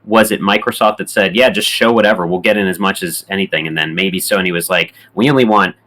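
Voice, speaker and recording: A man co-hosts a casual podcast chat, blunt and swearing casually. His voice is very deep. Its tone is bright and forceful. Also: fast. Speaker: podcast co-host.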